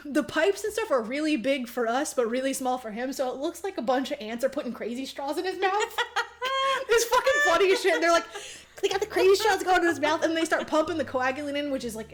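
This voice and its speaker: A woman's voice: high voice, a little hiss or hum. A young woman hosting a podcast, recapping a movie in casual chat, laughing a lot, swearing and saying "like" constantly. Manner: animated, laughing, lots of "like" fillers, swearing. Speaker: podcast host.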